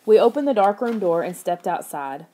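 A woman narrating a children's horror audiobook in the first person, steady and expressive. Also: lowish voice, normal speed.

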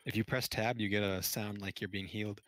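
Man, low voice, dry headset audio, gaming voice chat, chatty shotcaller. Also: steady tone, a little fast, no echo. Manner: chatty, calls strategy, makes silly noises. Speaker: team shotcaller.

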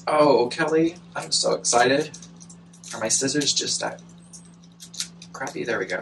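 A man's voice: medium pitch, measured pace, gravelly, recorded from a distance, a little hiss or hum, poor audio. A man filming a casual plant unboxing vlog at home, gushing and talking straight to the camera. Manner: excitable, gushing, talks to the camera. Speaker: plant vlogger.

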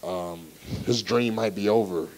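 A young man giving his personal faith testimony as a guest speaker at a live church service, telling his story in an animated way and acting out the dialogue. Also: lowish voice, a little slow.

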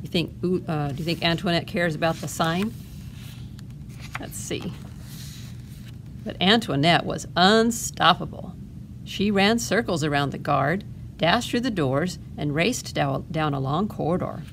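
A woman librarian reads a picture book aloud for a family storytime, with a fairly low voice. She pauses often for gentle asides to the children. A faint hiss runs under the reading. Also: animated.

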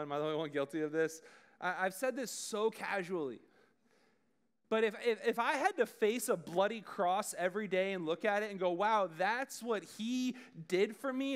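A man's voice: high voice, smooth. A man preaching a youth sermon, talking conversationally and addressing the room directly. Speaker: youth pastor.

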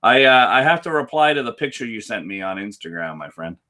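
A man appearing as a guest on a casual live whisky stream, answering in a dry, deadpan way and greeting viewers by name. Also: mid-range voice, brisk.

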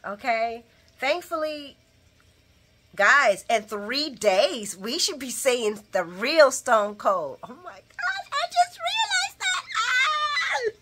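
A woman hosting a daily soap opera recap, talking straight to her viewers in an animated, opinionated way. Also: fairly high pitch. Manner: animated and opinionated, talks to viewers as guys and y'all, acts out retorts. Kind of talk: casual chat, daily show recap.

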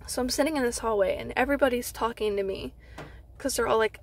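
A young woman telling a storytime vlog from inside a car. She retells it in an animated way, fills her talk with "like" and acts out what others said. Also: a little high, fast talker, a little hiss or hum. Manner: animated retelling with frequent "like" fillers, acting out others' lines. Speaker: vlogger.

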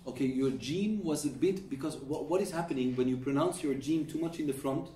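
A middle-aged man with a dark, mellow voice patiently drills students on pronunciation, repeating each sound as he coaches them. He is picked up from some distance in an echoey classroom, so the room rings around his words. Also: on the high side, brisk. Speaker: Quran recitation teacher.

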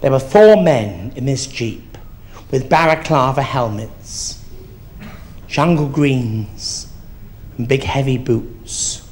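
A man's voice: medium pitch, lively intonation, slow pace, a little mellow, slight background noise. A man playing a crude, gossiping old granny in a live stand-up act, camp and swearing freely. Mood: gossipy. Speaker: drag comedian. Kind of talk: live stand-up comedy in character. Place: theatre stage before an audience.

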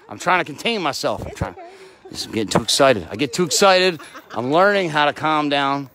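A man filming a live wrestling event from ringside, talking in a rowdy, excitable way and swearing freely. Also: on the high side, fairly quick, low-quality recording. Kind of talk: loud excited ringside chatter. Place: indoor wrestling event in a crowd.

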